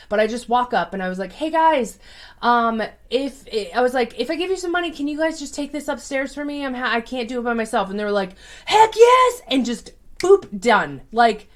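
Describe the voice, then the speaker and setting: A woman who reads tarot as a psychic, telling a personal story in a casual, chatty way with many fillers. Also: mid-range voice.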